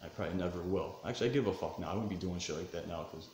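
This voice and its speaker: A man's voice: deep voice, very fast. Profane, fired-up man telling a story. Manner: profane, animated, swings between fired-up and subdued. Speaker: vlogger telling a personal story. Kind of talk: casual storytelling monologue. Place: living room at home. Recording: roomy echo, faint background noise.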